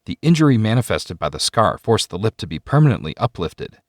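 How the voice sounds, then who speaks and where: A man with a fairly low voice reads a sci-fi story aloud in a measured way. His pitch moves a lot across sentences. The recording is dry and close, with no room sound. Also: no echo. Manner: measured storytelling with expressive ups and downs. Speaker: narrator. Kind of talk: scripted audiobook narration.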